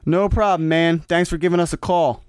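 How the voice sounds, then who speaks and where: A man's voice: a little high, fairly even intonation, normal speed, a little mellow, clean tone, no room sound, studio quality. A man co-hosting a casual sports podcast, joking loosely with plenty of fillers. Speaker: podcast co-host.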